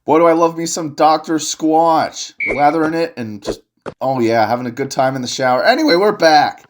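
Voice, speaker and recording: A young man doing solo play-by-play commentary on a video game basketball match, excitable and jokey, rising to shouts on big plays. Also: on the high side, normal speed.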